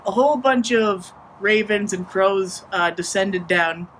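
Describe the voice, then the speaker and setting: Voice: medium pitch, a little slow, a little hiss or hum, low-quality recording. Playful casual folktale storyteller. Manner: relaxed and playful, modern slang.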